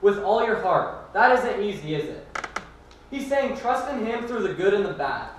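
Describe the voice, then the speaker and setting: A man's voice: high voice, big pitch swings, moderate pace, slight background noise. Earnest young man preaching in an echoey hall. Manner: earnest, personal storytelling. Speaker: student preacher. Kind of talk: youth sermon. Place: church hall. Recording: echoey room from far off.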